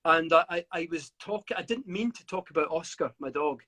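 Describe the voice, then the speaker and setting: Interviewed over a live video call, a middle-aged UK author gives long reflections, stumbling and restarting often. His fairly high voice is brisk, pushed and bright, with lively intonation.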